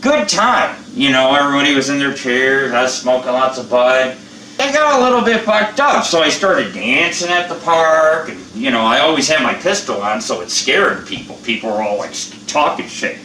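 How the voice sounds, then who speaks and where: A man's voice: medium pitch, big pitch swings, moderate pace, sharp tone, recorded from a distance, slight background noise. Blunt rambling older man, echoey room. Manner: blunt, rambling, profane and chatty. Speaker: channel host. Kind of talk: casual how-to vlog chat.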